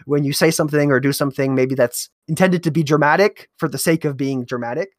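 A man's voice: on the high side, fast, dry recording, clean studio sound. A man who runs a tabletop role-playing game, chatting casually and telling a story from his table with some hesitant restarts. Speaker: game master. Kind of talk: casual conversation.

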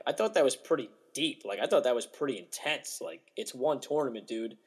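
A young man in casual podcast chatter, mid-pitched and lively. He jokes around and rolls straight into his next thought. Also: moderate pace, hardly any pauses, breathy edge. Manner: animated, jokey, mimics players' voices. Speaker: podcast co-host. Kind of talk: casual chat.

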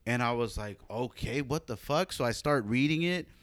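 A man's voice: mid-range voice, expressive, moderate pace, no room sound. A man co-hosting a podcast, telling a long story in casual, profane chat with lots of fillers. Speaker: podcast co-host.

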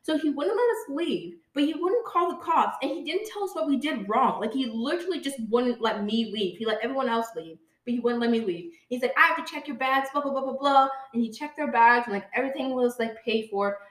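A woman's voice: fairly high pitch, expressive, brisk, few pauses. Young woman telling stories in a roomy space. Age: young adult. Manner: chatty, says "like" a lot, talks to listeners as "guys". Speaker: podcast co-host. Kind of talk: casual storytelling. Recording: roomy sound from a distant mic.

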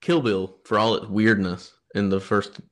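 Man, lowish voice, casual podcast chat, rambling, enthusiastic. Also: steady tone, measured pace. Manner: rambling, enthusiastic, many restarts and fillers. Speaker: podcast co-host. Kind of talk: casual film discussion.

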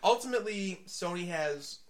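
Easygoing man with a lively voice. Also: sits high, moderate pace, crowd noise. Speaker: podcast co-host. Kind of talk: casual chat.

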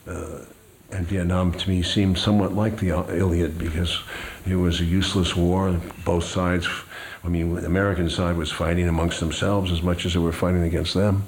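An older man, a guest, reading from his memoir and talking in a slow, measured, hesitant way. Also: low-pitched, little pitch movement, vocal fry, a little hiss or hum.

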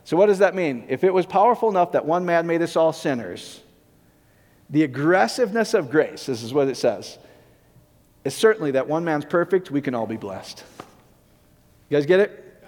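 A man's voice: a little high, lively intonation, moderate pace, long pauses, a little mellow. A male pastor preaching a conversational sermon, often asking the congregation whether it makes sense. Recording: long reverb of a large hall.

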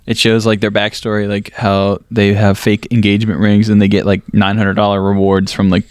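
A man's voice: lowish voice, completely flat delivery, a little fast, a little mellow, clean tone, no room sound, studio quality. A man co-hosting a casual movie podcast, recapping plot in a rambling way full of fillers and laughs. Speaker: podcast co-host. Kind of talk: casual movie review chat.

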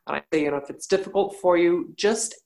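A woman, a yoga teacher, speaking bluntly and telling animated stories in a casual podcast conversation. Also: lowish voice, fast, vocal fry, low-quality recording.

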